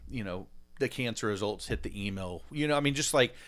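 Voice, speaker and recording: A man, a pastor hosting a podcast, talking in animated, rambling casual chat with frequent laughs and fillers. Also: on the low side, fairly quick.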